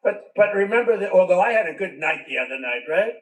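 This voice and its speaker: A man's voice: sits high, expressive, fast. An older man, a politician, giving a rambling, repetitive rally speech full of conversational asides. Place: large venue with a crowd. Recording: roomy sound, distant from the mic.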